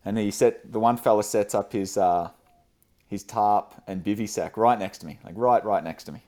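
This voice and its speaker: Low, dark-voiced man telling a story. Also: normal speed. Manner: rambling, with fillers and frequent laughs. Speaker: podcast guest. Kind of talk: casual storytelling.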